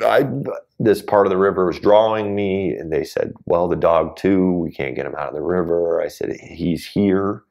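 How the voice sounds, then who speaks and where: Man, very deep voice, gravelly, earnest, telling a story in an interview. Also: normal speed, darkish tone. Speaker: guest.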